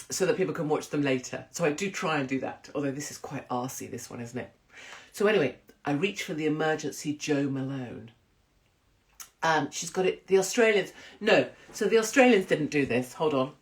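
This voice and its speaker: A woman in a casual monologue, telling blunt, profane, rambling stories. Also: low-pitched. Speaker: commentator.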